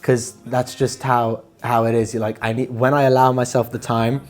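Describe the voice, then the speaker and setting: A man, a musician, chatting casually in an interview in a relaxed, rambling way that trails off softly at times. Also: mid-range voice, normal speed, faint music behind. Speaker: musician guest.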